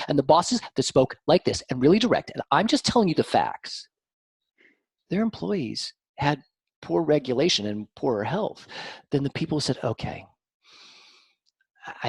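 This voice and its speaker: Animated husky man explaining. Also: brisk, no room sound. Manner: animated, swings from lively to soft and low. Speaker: guest, mind-body practitioner. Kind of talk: conversational explanation.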